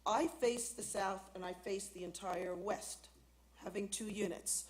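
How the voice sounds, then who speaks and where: At a city council hearing in the council chamber, a woman resident insistently objects to a development during public comment. Her voice is medium-pitched and steady, and she speaks at a measured pace. The recording is low quality, with slight background noise.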